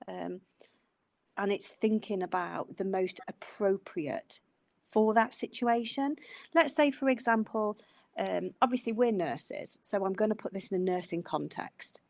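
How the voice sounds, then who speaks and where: A woman's voice: medium pitch, expressive, measured pace, vocal fry, darkish tone, no room sound. A middle-aged woman, a nurse co-hosting a podcast, talking casually in a rambling way with many fillers. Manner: rambling, says she goes off on tangents, many fillers. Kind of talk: casual advice chat.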